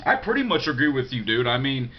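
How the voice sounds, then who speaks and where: A man's voice: medium pitch, sing-song, fast talker. A man talking to the camera in a loose, rambling way, swearing freely and often restarting his words as he answers a viewer's email. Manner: profane, digressive, blunt. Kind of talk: casual rambling monologue. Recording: dull lo-fi audio.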